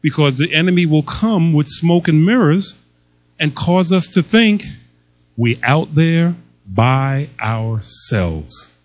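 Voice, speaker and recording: A man's voice: on the high side, no room sound, low-quality recording. An older man preaching a sermon as pastor, emphatic and humorous, telling stories and reading scripture.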